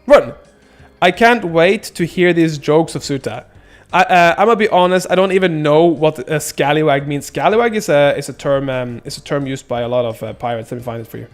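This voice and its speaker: A young man chats through a game stream in a loose, rambling way, reading chat aloud and joking. His voice sits a little high. Faint music plays behind him. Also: fairly quick. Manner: joking, rambling, laughs often, silly sound effects. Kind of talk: casual gameplay commentary, reading chat.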